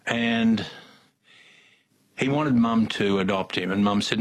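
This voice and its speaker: An older Australian man, a guest in an interview, tells rambling, folksy stories with many restarts. He has a lowish voice and speaks at a slow pace in this casual storytelling.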